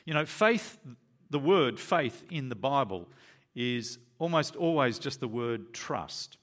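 A male preacher delivers a sermon with a very lively voice that swings widely up and down. He reads scripture aloud, then acts out the biblical figures with feeling. His voice sits at a middle pitch. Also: takes it slowly. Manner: animated, acts out the voices of Jesus and the disciples.

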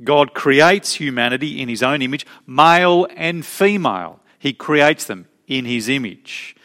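A man preaching a sermon as pastor, emphatic, slowing down to stress key phrases. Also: mid-range voice, lively intonation, a bit bright. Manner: emphatic, varied pace with slow stressed phrases.

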